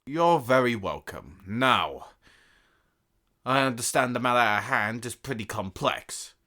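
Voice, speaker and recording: A man's voice: medium pitch, lively intonation, a little slow, sharp tone. A man playing a proud, theatrical emperor in a fan audio drama, speaking in a pompous, sarcastic way.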